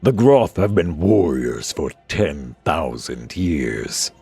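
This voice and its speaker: A man voicing a huge, boastful alien warrior who speaks slowly and with scorn. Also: very deep voice, sing-song, creaky, warm tone, husky, soft background music, exaggerated voice. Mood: scornful. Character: huge arrogant male alien warrior, booming.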